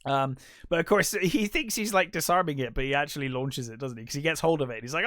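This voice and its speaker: Bright-voiced chatty man, dry close sound. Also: fairly high pitch, expressive, fast talker, no echo. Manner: chatty retelling of movie scenes, lots of ums. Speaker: podcast co-host. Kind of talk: casual film discussion.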